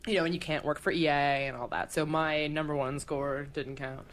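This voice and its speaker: A woman's voice: deep voice, steady tone, fairly quick, slight background noise. A woman chatting on a podcast, telling a story in a loose way with lots of fillers. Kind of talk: casual anecdote on a podcast.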